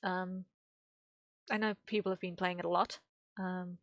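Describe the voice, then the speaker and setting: This young English-speaking woman has a fairly low, level voice and speaks a little slowly; the recording is muffled with no echo. Drawing on a stream, she thinks aloud in a casual ramble, sprinkling in fillers and light laughter.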